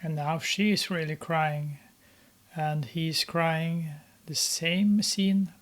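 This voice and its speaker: Slow, flat-voiced, hesitant film commentator. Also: mid-range voice. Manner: hesitant, many filler pauses. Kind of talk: casual running commentary while watching a film.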